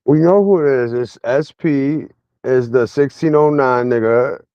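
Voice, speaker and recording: A man's voice: medium pitch, unhurried, clean tone, no room sound, highs cut off. A man livestreaming a casual rant at his chat in a mocking, slang-heavy way.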